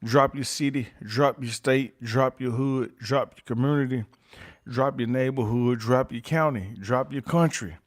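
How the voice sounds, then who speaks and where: A man's voice: mid-range voice, measured pace. A man hosting a YouTube livestream, greeting chat viewers by name and repeating his catchphrases. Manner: repeats catchphrases, reads chat names aloud, chuckles often. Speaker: YouTube channel host.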